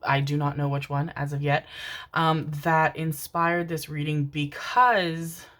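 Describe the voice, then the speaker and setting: A young woman chatting to her viewers and reading tarot, soft and affectionate, calling them her darlings and loves. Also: low voice, steady tone, a little slow. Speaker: tarot card reader. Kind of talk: casual chat and tarot reading to camera.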